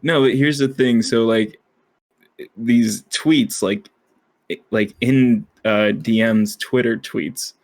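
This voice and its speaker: A man's voice: medium pitch, steady tone, slow. A man co-hosting a casual podcast chat, rambling with lots of fillers and frequent laughter. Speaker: podcast co-host.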